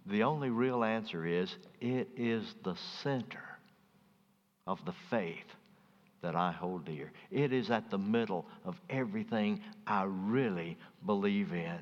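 A man from Alabama with a Southern accent, preaching a sermon in folksy storytelling fashion, swinging between high, loud emphasis and soft, low asides. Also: measured pace. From Birmingham, Alabama. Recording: dull sound with long reverb.

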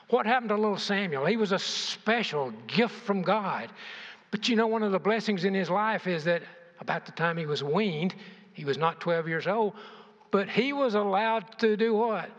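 An older man with a fairly high voice delivers a sermon, peppering it with rhetorical questions and shifting emphasis. The recording is muffled and carries a long hall reverb. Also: a bit bright. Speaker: preacher. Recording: dull, echoey church hall.

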